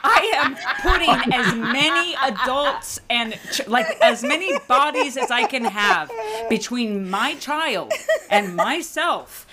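A middle-aged woman and mother telling a comic story in casual chat, acting out her daughter and herself in sudden high, laughing voices. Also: takes it slowly, crowd noise. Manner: animated, acts out quotes with big pitch jumps, laughing.

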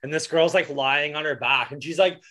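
Bright-voiced man rambling about movies. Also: fairly high pitch, brisk. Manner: rambling, swears, lots of "like". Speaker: podcast co-host. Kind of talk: casual movie chat.

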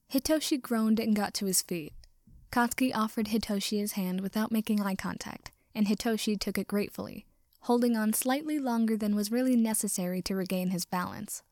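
A woman reads a story aloud with steady, even narration, at times slipping almost into a whisper. Her medium voice is recorded close and dry with no room sound. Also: medium pitch, no echo. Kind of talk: storybook reading of fan fiction.

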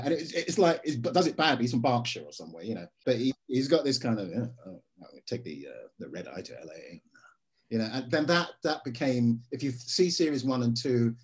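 Role: actor guest. Sex: man. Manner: lively, acts out quotes. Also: medium pitch. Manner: lively storytelling, acting out quotes in voices. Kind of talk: casual interview.

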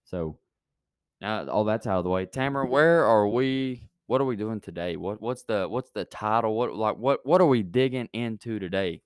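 A man's voice: lowish voice, animated, normal speed, smooth, dry recording, studio quality. A man hosting a youth church podcast, rambling with many fillers and restarts, then praying. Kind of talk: casual chat and prayer.

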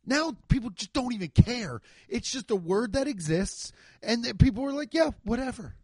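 A man hosting his own podcast from home, ranting in a rambling, profane, animated way. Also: extremely high pitch, moderate pace, husky, no echo, studio quality. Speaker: podcast host. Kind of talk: solo comedic rant. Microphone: desk microphone.

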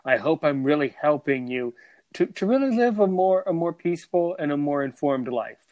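A man's voice: fairly high pitch, expressive, normal speed, a little mellow, dry recording. A man hosting a podcast in casual chat, enthusiastic and often repeating words and restarting his sentences. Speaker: podcast host.

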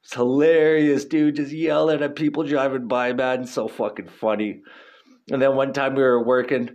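A man's voice: medium pitch, fairly even intonation, moderate pace, a little mellow, highs cut off. A man in his thirties hosting a podcast, rambling casually in a laid-back, profane, slangy way with frequent laughs. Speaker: podcast host.

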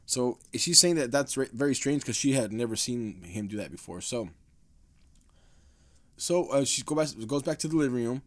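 A man hosting a casual podcast, talking in a loose, rambling way. He swears constantly and restarts his sentences as he goes. His pitch sits in a middling range. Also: lively intonation, moderate pace, fairly bright tone. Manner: profane, rambling, laid-back with frequent restarts. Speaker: podcast host.

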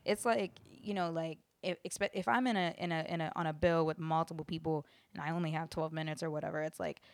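A woman's voice: sits low, fairly even intonation, fast, dry recording. A woman guest musician in a casual interview, chatty and upbeat, talking in long loose runs with lots of fillers.

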